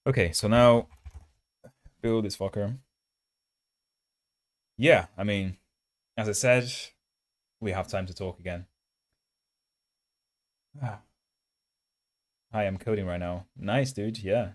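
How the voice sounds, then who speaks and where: Low-voiced man chatting on a coding stream. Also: slow pace, pauses often, no echo. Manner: chatty and self-mocking, reads chat aloud; holds mic close in a mock ASMR voice. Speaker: coding livestream host. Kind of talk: casual livestream chat while coding. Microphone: handheld mic held close.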